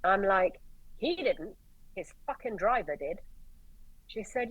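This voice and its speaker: An Irish woman, a paramedic guest, telling stories in a lively way, swearing and acting out the dialogue. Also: mid-range voice, measured pace, no echo, narrow, tinny audio. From Ireland. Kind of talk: animated storytelling in conversation.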